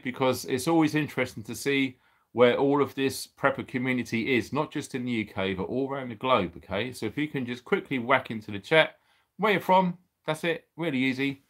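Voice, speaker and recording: A cheerful British man in middle age, chatting live to his viewers in a relaxed, rambling way. His voice sits at an ordinary pitch, easy and unforced, broken up by frequent laughs and exclamations. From United Kingdom. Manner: chatty, upbeat, reading out viewer names; laughs often, exclaims blimey and bonkers. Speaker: livestream host. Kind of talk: casual livestream chat.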